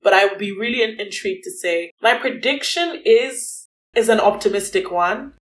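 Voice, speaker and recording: A woman talks as a podcast guest in relaxed chat. She thinks aloud and hedges with fillers. Her pitch sits in a middle range. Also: moderate pace. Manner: thoughtful, hedging with fillers. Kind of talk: casual chat.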